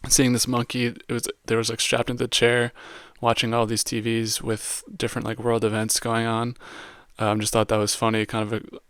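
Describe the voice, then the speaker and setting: A man talks through a movie review in a loose, slangy way, leaning on "like" constantly. His voice is smooth and fairly flat in pitch. The recording is dry, with no room sound. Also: moderate pace, few pauses, dry recording. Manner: casual, heavy use of "like" and slang. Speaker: podcast host reviewing a film. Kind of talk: casual movie review monologue.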